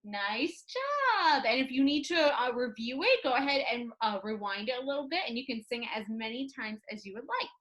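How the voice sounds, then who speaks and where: A woman's voice: on the high side, very animated, a bit bright, low-quality recording. A woman music teacher leading an online lesson for young children, singing short phrases and coaching them to sing along. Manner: sings phrases and coaches the listener to repeat; slow, clear, encouraging delivery.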